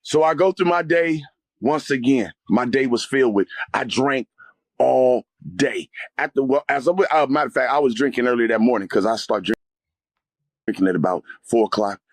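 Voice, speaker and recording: A man telling an intense personal testimony as an interview guest, speaking emphatically and rising to near-shouts at dramatic moments. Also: mid-range voice, normal speed, no room sound.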